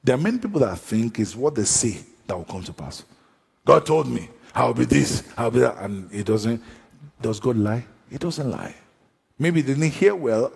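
A man preaching a sermon at a church service. His delivery swings between shouted calls and low, drawn-out phrases. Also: gravelly, breathy edge. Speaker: pastor. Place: church service with a seated congregation. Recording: long echo of a large hall.

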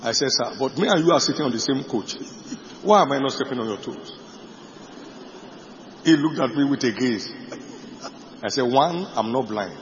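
A middle-aged male pastor preaching a sermon boldly, with bursts of shouting and laughter. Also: medium pitch, slight background noise. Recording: dull echoey hall recording.

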